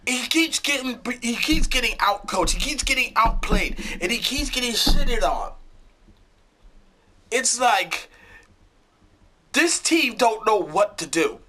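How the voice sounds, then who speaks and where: A man's voice: very high voice, lively intonation, slow, long pauses, pushed and bright. A man ranting angrily about his football team, swearing often, repeating himself and tripping over his words. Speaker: sports fan vlogger. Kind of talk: angry football rant.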